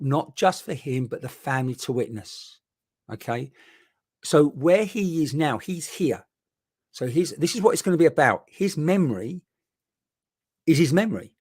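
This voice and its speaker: A man's voice: medium pitch, no echo, clean studio sound. Chatty man, spiritual medium. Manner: rambling, chatty, many restarts. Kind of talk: live online mediumship session. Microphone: boom mic.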